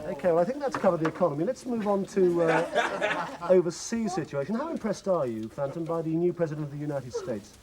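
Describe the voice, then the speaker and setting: A man presenting a spoof current-affairs interview in a pompous, deadpan newsreader tone. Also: on the high side, brisk, heavy background noise.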